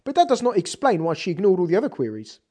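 An animated Torah teacher works through a text, firing off rhetorical questions. The pitch swings widely up and down. Hebrew terms are read out along the way. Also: fast, breathy edge. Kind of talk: text study lesson.

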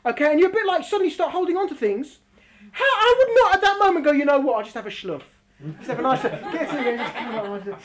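A woman gives an animated religious talk and acts out the characters as she tells the story. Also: very high voice, fairly quick, rough recording. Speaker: religious teacher.

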